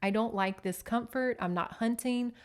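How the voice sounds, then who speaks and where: Woman playing a scrappy, defiant young tomcat hero, storybook style, brash, a bit higher. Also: moderate pace, clean tone, lightly acted. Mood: uneasy.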